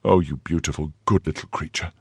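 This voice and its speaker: A man reading the part of a cunning noblewoman who hides her cruelty behind feigned warmth, with a husky voice. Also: rumbling low, fairly even intonation, brisk, no echo, studio quality, heavily acted. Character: cunning noble lady, cold schemer.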